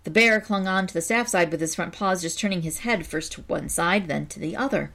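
A woman reading folk tales aloud as a storyteller, in an expressive and animated way. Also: fairly low pitch, a little fast, gravelly.

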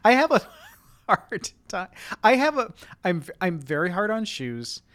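A woman's voice: mid-range voice, sing-song, unhurried. A woman co-hosting a show, chatting casually and laughing at herself. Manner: giggly, self-deprecating. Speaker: show co-host. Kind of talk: casual chat.

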